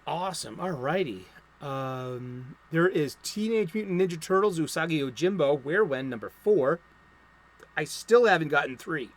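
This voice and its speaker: A man's voice: fairly high pitch, animated, moderate pace, slight background noise. A man hosting a casual comic book stream, rambling through new releases and breaking into profane, angry rants. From United States. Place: home studio.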